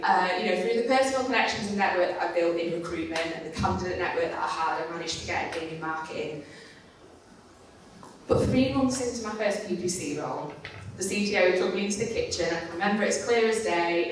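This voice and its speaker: Woman conference speaker, candid, self-deprecating storyteller who swears freely. Recorded in a reverberant hall from some distance, with faint room noise behind. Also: fairly low pitch. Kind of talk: storytelling talk. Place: conference stage in a large hall. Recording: echoey hall, mic at a distance.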